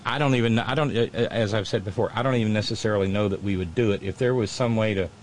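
A man's voice: on the low side, quick pace, a little hiss or hum. A man hosting his own radio show, talking to listeners in a loose, rambling monologue full of restarts and fillers.

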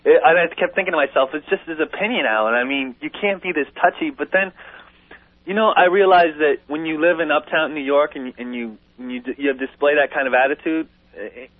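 A man calling in to a radio talk show, opinionated and animated, stumbling into restarts as he talks. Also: on the high side, dry recording. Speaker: caller. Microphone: telephone. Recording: tinny phone line on radio.

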